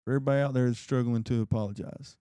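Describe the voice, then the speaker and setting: A man, talking bluntly and haltingly on a casual podcast, often repeating his words. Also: medium pitch, fairly even intonation, warm tone, smooth, no room sound, studio quality. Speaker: podcast co-host.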